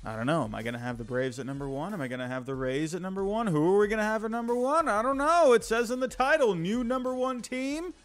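A man hosting a live sports stream, greeting his chat energetically and stumbling over words when excited. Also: high-pitched, quick pace, few pauses, soft background music. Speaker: livestream host.

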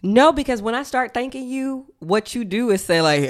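A woman's voice: on the high side, lively intonation, moderate pace. A pregnant woman co-hosting a podcast with her partner, blunt and teasing in casual chat. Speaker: podcast co-host.

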